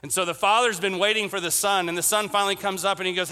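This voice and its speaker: Male preacher, storytelling sermon, tense bright tone, echoing church hall. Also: high-pitched, steady tone, fast talker, hardly any pauses. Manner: storytelling with acted-out voices, many restarts. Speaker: pastor. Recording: long reverb of a church hall.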